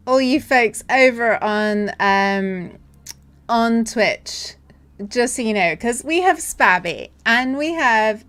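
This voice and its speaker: A woman live-streaming from home, chatting casually to viewers, giggly and excitable. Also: on the high side.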